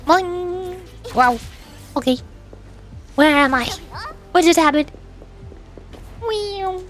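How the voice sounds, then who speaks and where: Woman, game streamer, high-pitched, unhurried, playful sound effects, faint music behind. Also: fairly bright tone. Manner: playful, sound effects and meows while playing. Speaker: vtuber streamer. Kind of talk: gameplay commentary.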